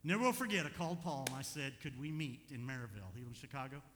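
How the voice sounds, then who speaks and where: An older man preaches in a church sanctuary, his voice bright and forceful. He tells a personal story, moving between hushed asides and loud, emphatic peaks. The sound carries a long echo with a faint hum underneath. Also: mid-range voice, lively intonation, rapid-fire. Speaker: pastor. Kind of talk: sermon. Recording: echoey hall with faint hum.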